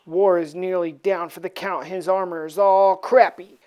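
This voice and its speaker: A woman's voice: mid-range voice, steady tone, normal speed, hardly any pauses, a little mellow. A woman casually recapping a comic book issue in a slangy, offhand way.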